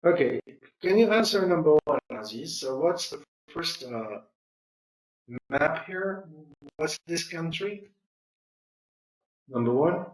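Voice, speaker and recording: A man's voice: fairly high pitch, lively intonation, takes it slowly, pauses often, reverberant, far from the mic, rough recording. A male English teacher leading a classroom lesson, patiently prompting students and repeating their answers.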